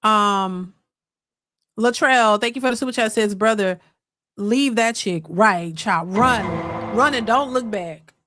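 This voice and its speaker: A woman's voice: mid-range voice, slow, pushed and bright, dry recording. A woman hosting a live reaction stream, exclaiming and talking straight to her viewers as she reads their messages.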